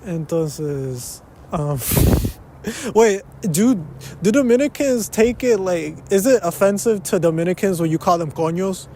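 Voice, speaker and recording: Speaking a little slowly in a high, warm, expressive voice, this young podcast host chats casually on his own from an uptown spot in a big city. Slight background noise sits behind his rambling, self-interrupting talk, which mixes English, Spanish and swearing.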